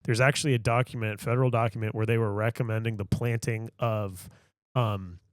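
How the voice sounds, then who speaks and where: On a comedy podcast, a male co-host with a lowish, level voice rambles through long, casual stories told in run-on sentences. He talks briskly, and the recording is dry.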